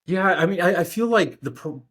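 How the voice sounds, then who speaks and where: A man's voice: high-pitched, animated, normal speed, fairly bright tone. A man from the United States hosting a casual political discussion, earnest and prone to restarting his phrases.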